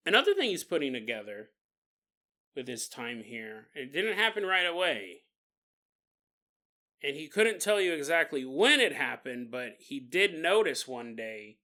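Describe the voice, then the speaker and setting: Jokey man with a bright voice. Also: a little high, sing-song, moderate pace. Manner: jokey, laughs often, gross-out asides. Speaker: podcast host. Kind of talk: casual storytelling narration.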